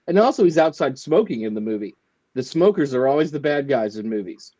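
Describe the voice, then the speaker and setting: A man's voice: mid-range voice, expressive, brisk, dark tone, muffled recording. A man co-hosting a casual movie podcast, rambling and joking in an easygoing way. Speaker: podcast co-host. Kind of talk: casual chat.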